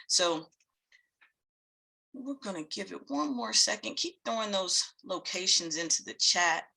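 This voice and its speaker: A woman hosts a live online webinar, welcoming attendees by where they are joining from. Her voice is bright and forceful, and she keeps an upbeat, laughing tone, heard through a computer mic. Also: lowish voice. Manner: upbeat, greets attendees by location, laughs often. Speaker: webinar host and facilitator.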